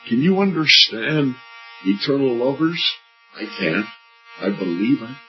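An older male preacher giving an earnest evangelistic sermon at a church meeting, climbing high on questions and dropping low and soft on key lines. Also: very animated, measured pace. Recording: muffled lo-fi recording with faint music.

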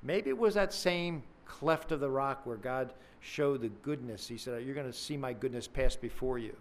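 A man's voice: medium pitch, normal speed, a little hiss or hum. A man preaching a sermon in a conversational, earnest way, acting out questions with dramatic emphasis.

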